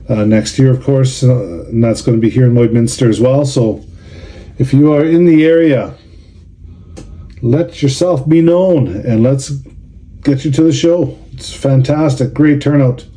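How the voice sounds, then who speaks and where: A middle-aged man with a medium-pitched, dark-toned voice opens trading cards for a vlog, grumbling casually and sarcastically. He's a card collector and show organizer.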